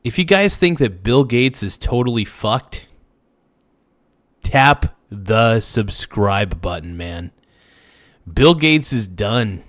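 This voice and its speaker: A man hosting a casual livestream, slangy and hyped as he thanks subscribers, his voice slightly hoarse. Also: on the low side, animated, slow pace, long pauses, fairly bright tone, dry recording, clean studio sound. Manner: hypes subscribers, slangy and loose. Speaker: livestream host.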